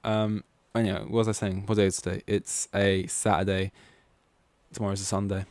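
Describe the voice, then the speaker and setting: This East London podcast host talks alone in a flat, fairly quick delivery, his lowish, darkish voice recorded with no room sound. He rambles casually, drifts into tangents, and says "like" constantly.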